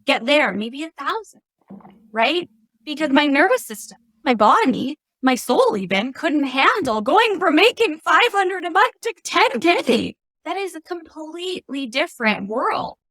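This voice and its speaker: A woman's voice: sits high, very animated, a little slow, no room sound. A woman guest on a podcast, a spiritual life coach speaking earnestly and reflectively. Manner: earnest, reflective, softening to quiet. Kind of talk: casual conversation.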